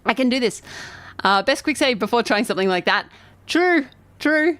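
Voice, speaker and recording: A woman streaming a game live, chatting excitably and reading the game's narration aloud. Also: fairly high pitch, normal speed, no room sound. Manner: excitable, chatty, self-deprecating. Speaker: vtuber streamer.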